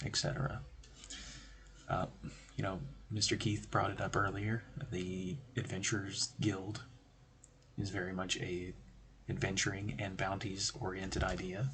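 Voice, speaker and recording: A man's voice: low-pitched, fairly bright tone, slight background noise. A man hosting a stream, explaining tabletop game design in a rambling, conversational way with joking asides. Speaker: stream host.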